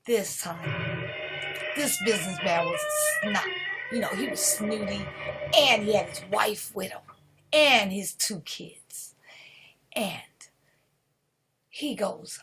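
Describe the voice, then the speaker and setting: A woman live streamer telling a spooky story in an animated, drawn-out way, raising her voice at the gory parts. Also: mid-range voice, breathy edge, faint music behind.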